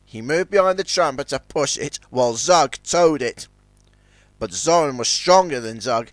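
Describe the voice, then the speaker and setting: A man narrating a children's storybook in a lively, expressive reading style. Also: mid-range voice, moderate pace, no echo.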